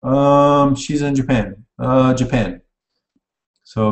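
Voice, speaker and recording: A man teaches in an easy, casual way, stopping now and then to correct himself. His voice sits at a middling pitch. He sounds a little distant from the mic in a roomy, echoing space, with keyboard typing behind him. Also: normal speed. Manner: casual, self-correcting, types while explaining. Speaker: online language teacher. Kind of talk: informal recorded lecture. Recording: echoey room, mic at a distance.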